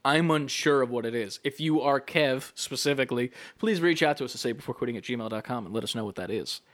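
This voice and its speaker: Animated young male podcast co-host. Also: mid-range voice, fast. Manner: animated, profane, uses many fillers. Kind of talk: casual podcast chat.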